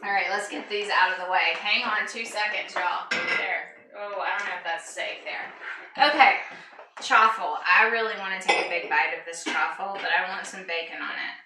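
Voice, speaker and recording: A woman's voice: mid-range voice, moderate pace. A woman with a Southern American accent, co-hosting a live cocktail show in casual chat, laughing often. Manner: chatty, laughs often, says y'all. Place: home kitchen, roomy. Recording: echoey kitchen, distant mic, faint noise.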